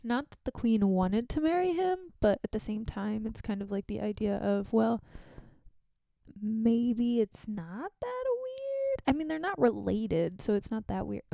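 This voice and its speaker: Brief: young woman streamer, sick, gravelly voice, chatty tangents, dry close mic. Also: mid-range voice, lively intonation, normal speed, mellow, dry recording. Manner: chatty, rambling, giggly asides. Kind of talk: casual live-stream reading with side commentary.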